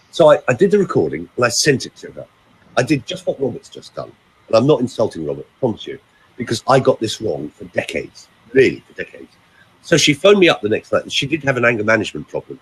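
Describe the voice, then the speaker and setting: A man who works as a vocal coach, telling a story in casual chat, with a lively, animated way of talking. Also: medium pitch, quick pace, slightly rough, low-quality recording.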